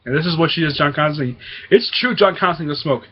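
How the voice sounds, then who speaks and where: A man's voice: a little high, fast, highs cut off, slight background noise. A man hosting his own comic book review show, talking casually and hesitantly with lots of fillers. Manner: rambling, hesitant with many fillers.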